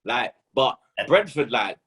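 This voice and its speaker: A young man, a football pundit who talks in loud, animated street slang and keeps saying "blood" and "you understand". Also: medium pitch, slow pace, slightly rough. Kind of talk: casual football banter.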